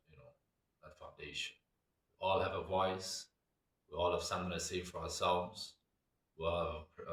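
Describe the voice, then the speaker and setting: Low-voiced guy w a rambling thoughtfully, sounds far off in a roomy space. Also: fairly bright tone. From Botswana. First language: Setswana. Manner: reflective, meandering. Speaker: cultural commentator. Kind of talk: casual monologue. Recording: echoey room, away from mic.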